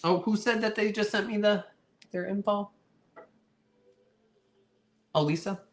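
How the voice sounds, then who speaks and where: A man's voice: high voice, steady tone, measured pace. A man hosting a live online vintage sale, chatting casually and thanking his viewers often. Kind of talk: casual live-stream chat.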